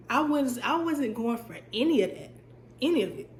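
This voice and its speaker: Young woman, vlogger, casual storytime, stuffy voice, slightly high pitch, faint background hiss. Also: normal speed, reverberant. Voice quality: voice sounds stuffy, cuts in and out. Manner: chatty, animated, emphatic repetition.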